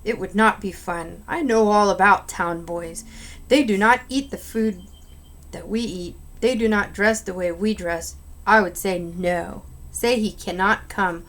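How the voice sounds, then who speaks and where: Storybook read-aloud: a grouchy, gruff male ranch cook, voiced by a woman. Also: mid-range voice, measured pace, fairly bright tone.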